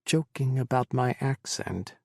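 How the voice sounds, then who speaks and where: A man narrating an audiobook in an even, measured reading. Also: mid-range voice, gravelly, dry recording, clean studio sound. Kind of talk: scripted narration.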